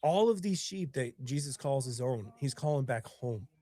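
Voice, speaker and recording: A man's voice: mid-range voice, expressive, moderate pace, warm tone. A man with bronchitis, sniffling as he hosts his own live stream in casual chat. He tells stories earnestly and emotionally, with a lot of rambling.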